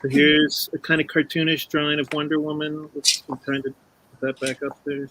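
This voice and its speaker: Easygoing man over loud noise. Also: on the high side, flat delivery, fairly quick. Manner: easygoing, plainly explaining his drawings. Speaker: guest artist. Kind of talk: casual chat.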